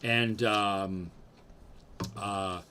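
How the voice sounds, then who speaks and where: Bright-voiced man telling a wild story. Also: fairly low pitch, very slow, a little hiss or hum. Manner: animated, profane, acts out quotes. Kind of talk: casual storytelling chat.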